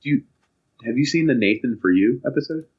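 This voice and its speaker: A young man telling casual anecdotes on a podcast, animated and acting out the voices of people in his stories. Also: mid-range voice, fairly quick, breathy edge. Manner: animated, acts out voices in anecdotes, laughs often. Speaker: podcast co-host. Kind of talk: casual storytelling chat. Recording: dull lo-fi podcast audio.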